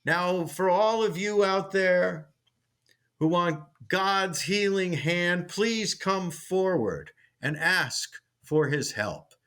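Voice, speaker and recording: Man putting on a faith healer, showy sermon voice, a bit higher. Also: takes it slowly, fairly bright tone. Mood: preaching. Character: preachy male faith healer working a crowd.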